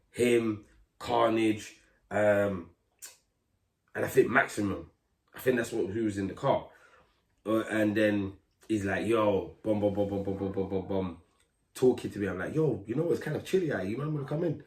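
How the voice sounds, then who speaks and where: Man, lively storyteller, slang, echoey room. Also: on the low side, moderate pace, long pauses. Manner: animated storyteller, acts out voices, street slang. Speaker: guest, grime MC. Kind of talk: casual storytelling interview. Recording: roomy echo.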